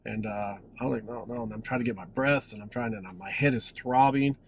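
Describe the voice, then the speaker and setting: Man in his forties, casual storytelling, gravelly, rambling, restarts often. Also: medium pitch, brisk, slight background noise, rough recording. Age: 40s. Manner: rambling, many restarts and self-corrections. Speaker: vlogger.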